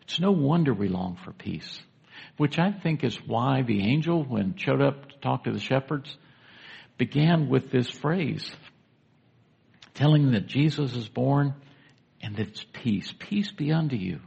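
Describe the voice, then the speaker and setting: A man's voice: mid-range voice, expressive, unhurried, creaky, darkish tone, breathy edge, highs cut off. A man preaching a sermon to a congregation in a church, in a conversational way, putting questions to the listeners. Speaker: pastor.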